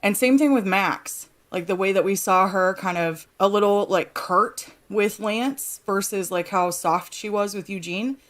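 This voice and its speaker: A woman talking as a podcast panelist, thinking out loud with lots of "like" fillers. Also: medium pitch, a little slow, few pauses. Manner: thoughtful, filler-heavy with frequent "like". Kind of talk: casual chat.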